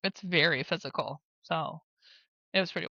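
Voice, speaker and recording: A bright, forward-voiced woman in her thirties with a Midwestern American accent tells stories in a relaxed podcast interview. She talks in loose, rambling sentences full of "like" and "you know" and laughs often. The recording is dry and a little muffled. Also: low-pitched, normal speed, vocal fry, no room sound. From South Dakota, USA. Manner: chatty, lots of "like" and "you know", laughs easily. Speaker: podcast guest, former basketball player and therapist. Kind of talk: casual interview storytelling. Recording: slightly dull dry podcast audio.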